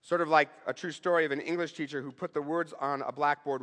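A male pastor preaching a sermon in a conversational way, asking rhetorical questions and swinging between emphatic bursts and low, quiet asides. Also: fairly even intonation, fast, hardly any pauses, big-room sound.

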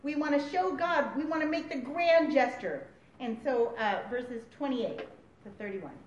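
A woman preaching a sermon, animated and often laughing as she acts out voices. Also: high voice, unhurried. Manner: animated, laughing, acting out quotes. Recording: roomy, distant, dull recording.

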